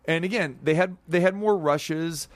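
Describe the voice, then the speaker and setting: A man's voice: fairly high pitch, normal speed, dry recording. A man hosting a sports radio show, chatting casually, joking and rambling about hockey. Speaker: radio sports talk host.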